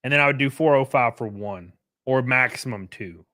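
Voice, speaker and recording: A young man casually chatting on a livestream while reading chat. He is loose and profane, uses lots of fillers and suddenly jumps way up in pitch for jokes. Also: normal speed. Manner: animated, pitch jumps up sharply on bits.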